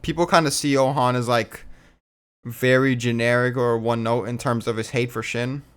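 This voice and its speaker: A man with a smooth, resonant voice, chatting casually in a fan discussion. He talks in quick animated bursts, full of fillers and casual swearing, sitting at a middle pitch.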